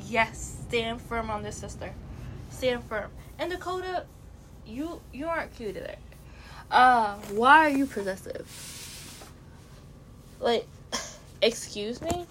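A young woman with a fairly high voice talks through her opinions in a blunt, rambling, chatty way, circling back and restarting her sentences. It sounds like a casual home vlog, with a noticeable low rumble of noise running underneath. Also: rough recording. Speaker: reality show commentator.

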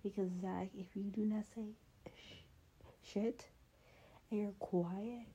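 A woman giving heated, half-whispered commentary late at night in her bedroom, keeping quiet so she won't wake her sleeping dogs. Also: medium pitch, steady tone, slow pace, highs cut off, slight background noise. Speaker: vlogger reacting to a reality show.

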